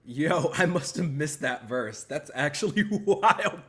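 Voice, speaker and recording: Bright-voiced man doing casual reaction chat. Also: fairly high pitch, animated, takes it slowly. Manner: laid-back, joking asides, reading out viewer greetings. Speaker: podcast host reacting to video.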